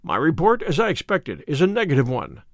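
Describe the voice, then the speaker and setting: Cool, keen detective, measured speech, lively pitch, read by a man in a storybook. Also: no echo, clean studio sound. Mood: composed. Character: sharp, calm male detective. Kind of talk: audiobook character reading.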